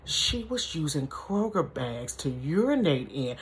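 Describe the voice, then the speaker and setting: A chatty woman tells a family story straight to her viewers in a casual storytime vlog, often calling them y'all and honey. Her voice sits fairly low, but her pitch swings widely as the story builds. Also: big pitch swings, unhurried. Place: bedroom.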